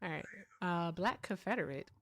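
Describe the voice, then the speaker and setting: A woman hosting a live call-in debate, speaking in a pointed, measured way as she challenges callers. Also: fairly low pitch, animated. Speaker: host of a call-in debate show.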